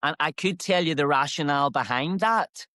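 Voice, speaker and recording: A man's voice: fairly high pitch, normal speed, sharp tone, dry recording, clean studio sound. A man in his fifties with a Northern Irish accent, a fitness coach talking as a podcast guest, good-humoured and enthusiastic with small restarts. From Northern Ireland. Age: 50s. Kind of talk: casual podcast interview.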